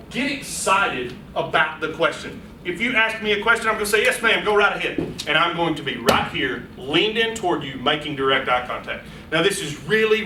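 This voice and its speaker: A man giving a lively, playful public speaking workshop to a small audience in a meeting room, speaking straight to them. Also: on the high side, a little hiss or hum. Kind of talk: live workshop lecture. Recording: echoey room, voice from a distance.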